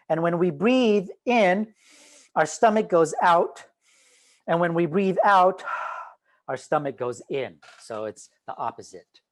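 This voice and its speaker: A man giving an online talk on teaching, animated and demonstrative, swinging between loud and quiet. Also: on the high side. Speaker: teacher trainer. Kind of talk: online presentation. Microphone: video call.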